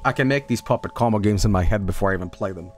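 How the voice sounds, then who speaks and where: A man streaming a game casually, rattling off game blurbs quickly and breaking into goofy high squeals. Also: over music. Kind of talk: casual live-stream commentary.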